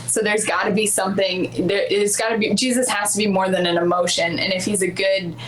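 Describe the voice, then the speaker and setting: A woman guest on a podcast interview, earnest and quick to laugh. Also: mid-range voice, fairly even intonation, a little hiss or hum, low-quality recording. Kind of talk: casual interview chat.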